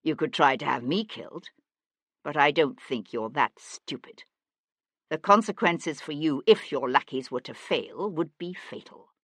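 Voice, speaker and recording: Woman doing a stern young nobleman, clipped and menacing, low voice, dry sound. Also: a little slow, fairly bright tone, dry recording.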